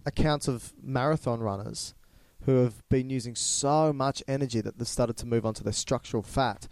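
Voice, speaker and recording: A man's voice: medium pitch, moderate pace, darkish tone, dry recording. A man, co-hosting a casual educational podcast, explaining and teasing playfully. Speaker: podcast co-host.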